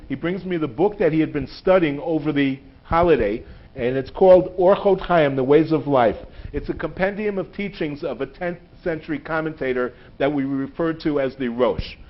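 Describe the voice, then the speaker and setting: A man teaching a synagogue audience, an animated storyteller who often checks in with "right?" and mixes humor into the lesson. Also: on the high side. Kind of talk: lecture with humor. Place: synagogue hall. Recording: dull lo-fi livestream sound.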